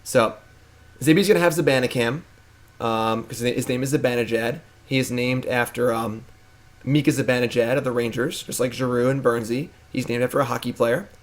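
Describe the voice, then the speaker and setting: A man's voice: medium pitch, steady tone, moderate pace. Playful man hosting a live stream. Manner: playful, hypes and talks to his pet. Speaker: streamer and host. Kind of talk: casual live-stream chat.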